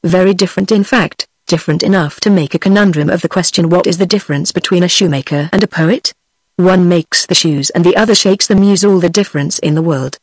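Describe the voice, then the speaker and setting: A text-to-speech woman's voice with a British accent reading the lines of a witty, pompous old male doctor in a flat, even manner. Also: on the low side, fairly quick, breathy edge, no room sound. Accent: British English.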